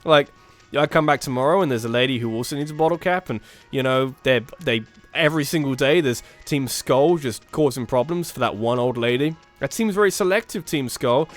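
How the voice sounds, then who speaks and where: This young YouTuber's brisk, mid-range voice carries jokey, self-deprecating commentary over faint game music as he plays. He swears casually and reads out game dialogue in silly put-on voices.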